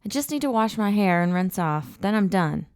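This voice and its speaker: A woman's voice: mid-range voice, lively intonation, normal speed, smooth, no room sound, clean studio sound, voice pushed up, close to an everyday voice. A woman doing a squealing, teasing young heroine. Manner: bright, squealing protests.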